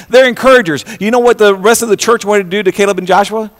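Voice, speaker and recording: Preacher, man, fervent sermon delivery with stammered repeats, slightly raised pitch, echoing church acoustics. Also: steady tone, fast, few pauses. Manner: impassioned, repeats words, swings from loud to hushed. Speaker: pastor.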